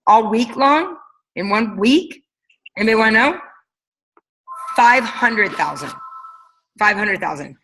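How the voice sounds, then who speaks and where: A woman's voice: fairly high pitch, sing-song, moderate pace, fairly bright tone, husky, rough recording. A woman coaching her team on a leadership call, talking casually and energetically, firing off rhetorical questions. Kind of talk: motivational coaching talk.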